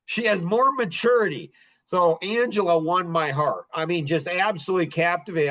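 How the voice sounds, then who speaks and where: A middle-aged man hosting a podcast, telling a family story in a casual, animated way with frequent chuckles. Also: fairly high pitch, measured pace. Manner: animated, chuckles often between phrases. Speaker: podcast host.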